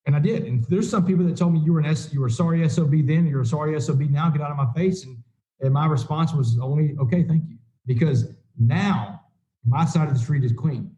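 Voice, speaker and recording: A middle-aged man gives personal testimony to a recovery group, telling his story in an animated way and acting out the dialogue he quotes. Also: a little high, poor audio. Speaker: recovery meeting speaker.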